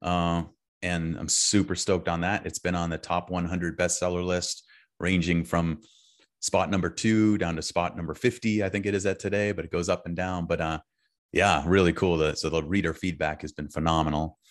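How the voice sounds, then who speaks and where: A man with a very deep, low voice, chatting warmly as a guest author. He sounds upbeat and enthusiastic, dropping easygoing slang as he talks. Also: steady tone, normal speed. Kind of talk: casual heartfelt conversation.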